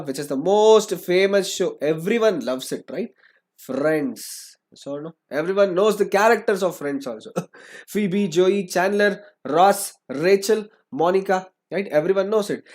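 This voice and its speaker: A man's voice: fairly high pitch, darkish tone. A young man, teaching an online lecture, repeating phrases and asking "right?" after nearly every sentence. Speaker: English teacher.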